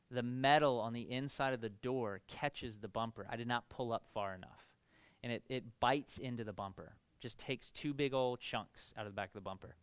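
A pastor preaching a conversational sermon, telling personal stories in a casual, animated way with lots of filler words. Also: male voice, mid-range voice, clear, resonant tone, no room sound.

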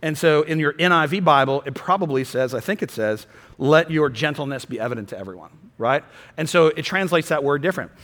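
A man preaching a sermon as a pastor, swinging from soft, quiet passages to loud, fervent peaks. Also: fairly high pitch, lively intonation, fairly quick, long reverb tail.

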